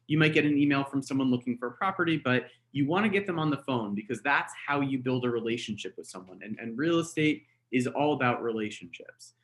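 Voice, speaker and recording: A man's voice: medium pitch, lively intonation, fast talker, hardly any pauses, fairly bright tone. An American man, a real estate trainer, talks casually through a webinar, coaching with many fillers and "right?" tags. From United States. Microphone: webinar call mic.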